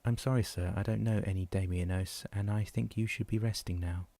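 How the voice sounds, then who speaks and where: A man doing a soft-spoken, soothing nurse. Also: on the low side, steady tone, a little fast, vocal fry, no echo. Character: patient, soothing adult female nurse.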